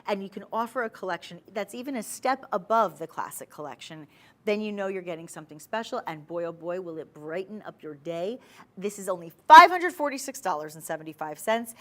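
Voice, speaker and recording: A woman hosting a TV shopping channel, giving a chatty, persuasive sales pitch full of asides from a studio.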